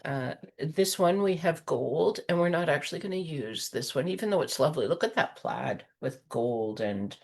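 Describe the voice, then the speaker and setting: A woman's voice: low voice, animated, moderate pace, gravelly, few pauses, darkish tone. A woman giving a rambling, friendly card-making tutorial, full of fillers and chuckles. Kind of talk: chatty craft tutorial.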